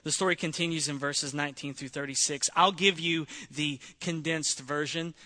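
Bright-voiced preacher retelling a story. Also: male voice, a little high, normal speed. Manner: animated, conversational retelling. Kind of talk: sermon storytelling.

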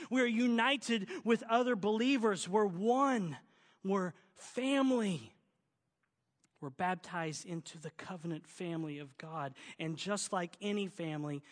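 A man with a Southern accent and a high, light voice preaches a sermon. He is folksy and emphatic and slips jokes into his points. His voice rings with the long reverb of a large church. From Oklahoma. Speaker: pastor.

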